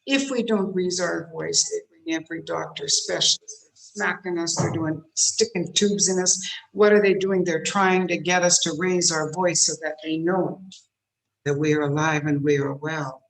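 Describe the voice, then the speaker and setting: A woman giving a motivational speech on voice to a women's club, shifting between soft, drawn-out phrases and forceful ones. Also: fairly low pitch, gravelly, low-quality recording. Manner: demonstrates tense and relaxed voices. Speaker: guest speaker. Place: meeting room.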